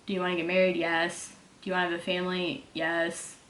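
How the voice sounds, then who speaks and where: This young Texan fitness vlogger, with a mild accent, casually answers viewer questions in a Q&A vlog and uses "like" constantly. Her lowish, fairly bright voice comes out fairly quick with a completely flat delivery. The recording has an echoey room sound.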